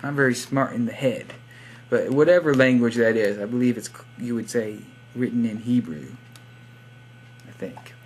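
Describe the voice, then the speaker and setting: A young man with a mid-range voice vlogs casually from his computer at home, talking at a moderate pace over a faint hiss or hum. He's a YouTuber giving shoutouts, rambling through a silly, joking monologue and sometimes slipping into put-on accents.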